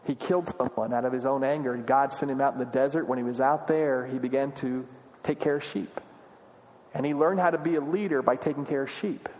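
A man's voice: medium pitch, fairly even intonation, a little fast, a little mellow, in a large hall. A man preaching a sermon, earnest and full of rhetorical questions, building in emphasis as he goes. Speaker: pastor.

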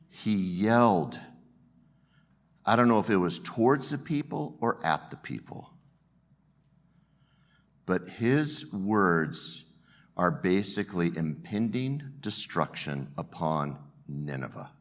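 A man's voice: mid-range voice, animated, slow pace. A man preaching a sermon as pastor, earnest and storytelling, often repeating the first word of a phrase.

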